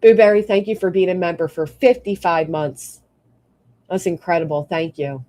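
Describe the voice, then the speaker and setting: A woman's voice: lowish voice, normal speed, dark tone. A woman livestreamer ranting bluntly with plenty of swearing, between thanking her members. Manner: blunt, profane, fired-up. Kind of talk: live stream rant and member shout-outs.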